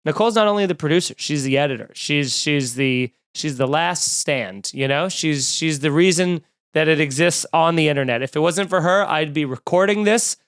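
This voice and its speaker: Man, comedian host, high-pitched voice, animated storytelling, dry studio sound. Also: normal speed, smooth, dry recording. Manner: animated, swearing, acts out quotes. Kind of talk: casual storytelling monologue.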